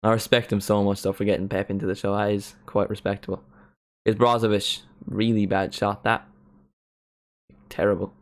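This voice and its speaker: A young man talks through a football match on a live stream in a loose, rambling way, filling his sentences with "like" and "you know." His voice sits slightly low for a man. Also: level tone, moderate pace. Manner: rambling, many "like" fillers, sings along at times. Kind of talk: casual live commentary and chat.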